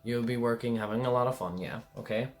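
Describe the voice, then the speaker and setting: A man's voice: medium pitch, fast. A man giving a casual pick-a-card tarot reading, rambling and chatty, often checking in with the listener.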